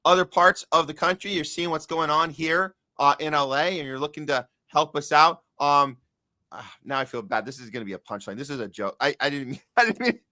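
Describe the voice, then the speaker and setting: A man's voice: a little high, steady tone, a little fast, pushed and bright, no echo, studio quality. A man hosting a podcast in casual chat, joking and chatty, talking straight to his listeners. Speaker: podcast host.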